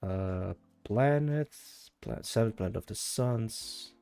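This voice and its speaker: Low-voiced man rambling on a stream. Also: takes it slowly, vocal fry, warm tone, smooth, no echo, soft background music. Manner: rambling, thinking aloud, talking to chat. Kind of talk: casual live-stream chat.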